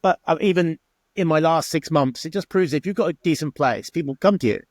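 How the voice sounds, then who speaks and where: A man's voice: fairly high pitch, fairly quick, dry recording. A middle-aged man, a former bar owner telling stories in an interview and acting out the exchanges he quotes. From England. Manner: chatty, acts out quoted exchanges. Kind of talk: interview storytelling.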